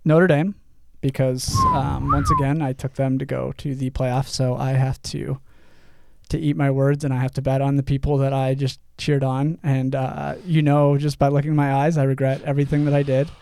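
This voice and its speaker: A man's voice: medium pitch, sing-song, moderate pace, darkish tone, clear, resonant tone. A young man co-hosting a casual sports betting podcast, upbeat as he runs through the week's picks. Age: young adult. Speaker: podcast co-host.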